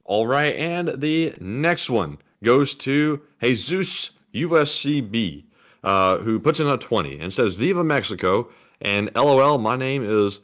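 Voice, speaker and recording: A man's voice: mid-range voice, sing-song, a little slow, fairly bright tone. A man co-hosting a casual livestream, reading supporter messages aloud in a laid-back way. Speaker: co-host reading donations.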